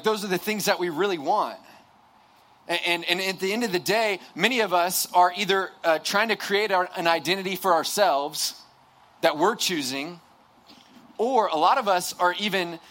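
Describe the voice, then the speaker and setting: A man's voice: high-pitched, moderate pace, bright, forceful tone. Young man telling a joking sermon story. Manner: humorous, conversational, self-deprecating storytelling with frequent restarts. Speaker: campus ministry speaker.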